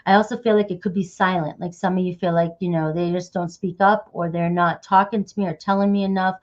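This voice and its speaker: A woman's voice: on the low side, fairly even intonation, fast talker, darkish tone. Woman reading tarot cards, chatty, keeps saying all right, kinda dull lo-fi audio. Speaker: tarot reader. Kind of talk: casual tarot reading to camera.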